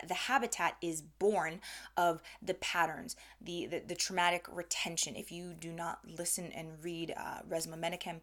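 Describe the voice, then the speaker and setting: A woman's voice: fairly low pitch, fairly bright tone. A woman giving a motivational talk to camera, earnest and rambling, often repeating words and dropping into whispered asides. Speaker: creative coach.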